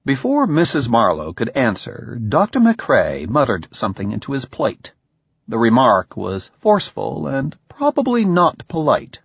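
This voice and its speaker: Male audiobook narrator, husky, lively pitch, dry dull recording. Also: moderate pace, no echo.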